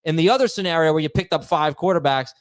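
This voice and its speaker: A man hosting a casual podcast chat, reading listener emails aloud and talking in quick, halting bursts. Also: fairly high pitch, no room sound.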